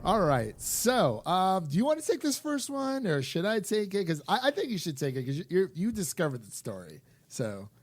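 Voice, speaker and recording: A young man co-hosting a film podcast, talking in an animated, rambling way with lots of restarts and fillers. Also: high-pitched, normal speed, hardly any pauses. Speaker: podcast co-host. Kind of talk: casual chat.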